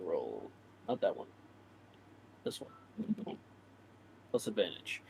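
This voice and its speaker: A man's voice: sits low, wildly swooping pitch, slow pace, creaky, darkish tone, slightly rough, low-quality recording. Rambling male game master. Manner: rambling, many fillers. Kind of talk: narrating a tabletop game.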